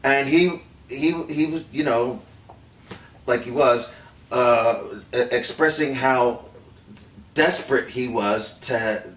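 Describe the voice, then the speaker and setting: An actor playing an older film director who recalls a secret White House meeting, telling it haltingly with many fillers and restarts. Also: male voice, medium pitch, a bit bright. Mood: hesitant. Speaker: actor in a staged confession. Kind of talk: rehearsed improvised storytelling. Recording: roomy, distant mic, faint room noise.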